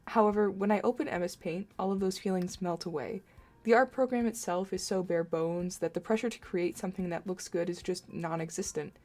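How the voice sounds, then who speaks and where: Low-voiced young woman, playful narration. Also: dark tone. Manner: playful mock-dramatic sarcasm. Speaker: art video creator. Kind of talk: scripted voice-over narration.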